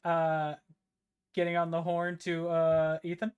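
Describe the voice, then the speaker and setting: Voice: medium pitch, completely flat delivery, measured pace, smooth, phone-quality sound. Hesitant, playful tabletop player. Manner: hesitant, playful, laughs a lot. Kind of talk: casual tabletop play.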